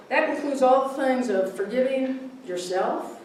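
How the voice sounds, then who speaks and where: Her voice sits high and animated, a little slow, as this minister delivers a relaxed, chatty sermon blending readings and a humorous story, warmly laughing at her own jokes. She is distant in a large, very echoey hall with a congregation, and there is slight hiss or hum.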